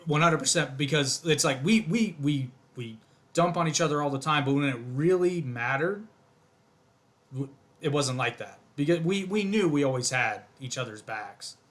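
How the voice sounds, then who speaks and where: A man in his thirties co-hosting a podcast, chatting in a friendly, quick, lively way. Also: fairly high pitch. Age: 30s. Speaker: podcast co-host. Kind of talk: casual podcast chat.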